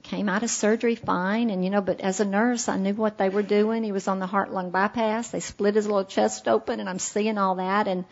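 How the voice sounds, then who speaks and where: A woman's voice: medium pitch, steady tone, fairly quick, hardly any pauses, muffled recording. A middle-aged woman, earnestly telling a heartfelt personal recovery story at a meeting. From Alabama, USA. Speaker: speaker sharing her recovery story.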